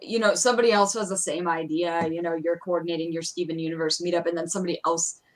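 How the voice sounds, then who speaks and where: A woman's voice: lowish voice, steady tone, fast. Woman, co-host, casual livestream chat, rambling, filler-heavy, giggly, apologetic. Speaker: podcast co-host.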